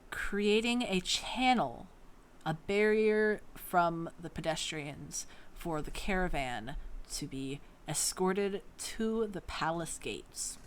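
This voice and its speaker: A woman narrating scenes calmly as game master of a tabletop game. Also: lowish voice, slight background noise. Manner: measured, descriptive.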